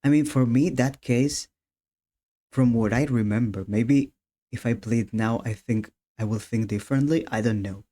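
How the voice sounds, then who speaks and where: A man's voice: mid-range voice, normal speed, warm tone. A man chatting casually while streaming a game, laughing often and restarting his sentences.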